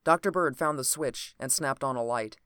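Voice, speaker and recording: A narrator reading an old adventure novel aloud in a steady, even storytelling manner. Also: mid-range voice, moderate pace, clear, resonant tone, dry recording, studio quality.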